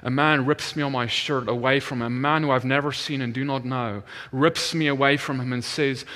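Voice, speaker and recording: A male minister giving a sermon and telling his testimony as an animated story, which drops to a hush when he retells prayers. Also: medium pitch, a little fast, hardly any pauses, long reverb tail.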